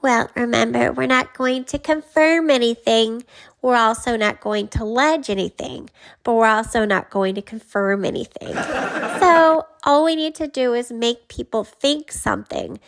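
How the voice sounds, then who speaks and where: A woman putting on a smug young schemer, pitched a little high and talking down with easy condescension. She sounds pleased with herself, as if every plan is obvious. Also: a little slow, creaky. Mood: scheming.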